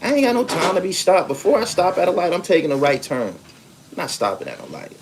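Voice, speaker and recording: A man's voice: sits high, very animated, a little fast, creaky, a little hiss or hum. A man in his forties from the East Coast, hosting a podcast in a loose, profane storytelling style as he reads viewer comments and acts out the voices in his stories. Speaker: podcast host. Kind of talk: casual livestream chat reading comments.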